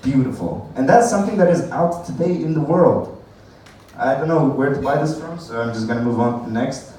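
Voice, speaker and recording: A man's voice: mid-range voice, expressive, fairly quick, dark tone. A man doing a stand-up comedy set at an open mic night, rambling, swearing and laughing at his own jokes. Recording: echoey room from far off, faint noise.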